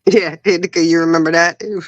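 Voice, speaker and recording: A woman's voice: on the low side, fairly even intonation, fast, no echo, muffled recording. Giggly woman chatting on a livestream. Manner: giggly storyteller, laughs often. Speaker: livestream co-host. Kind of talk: casual chat.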